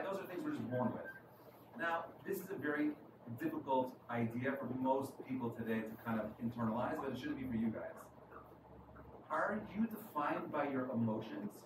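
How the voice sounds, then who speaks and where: A man with a New York accent preaches in a loose, conversational way, checking in with his listeners again and again. He is caught from a distance in an echoey room. Steady background noise sits under his voice. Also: mid-range voice. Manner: conversational, keeps asking "right?". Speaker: rabbi. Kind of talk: sermon. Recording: echoey room from far off, noisy.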